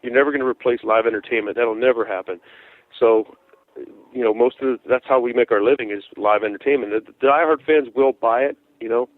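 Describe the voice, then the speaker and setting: Animated man on a tinny phone line. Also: mid-range voice, fairly quick, no room sound. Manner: animated storyteller, many restarts. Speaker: guest musician, drummer. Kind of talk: casual interview chat.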